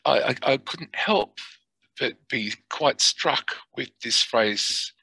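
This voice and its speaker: A middle-aged man telling a personal spiritual testimony in an earnest, halting way, sometimes dropping to near whispers. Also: mid-range voice, animated, gravelly, bright, forceful tone, breathy edge, dry recording, poor audio. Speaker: testimony speaker.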